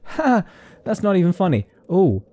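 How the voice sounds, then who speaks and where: A man's voice: a little high, very animated, normal speed, darkish tone, dry recording. A British man commentating a horror game, jittery and jokey, chatting to objects as he goes. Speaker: gaming YouTuber. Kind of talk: horror let's-play commentary.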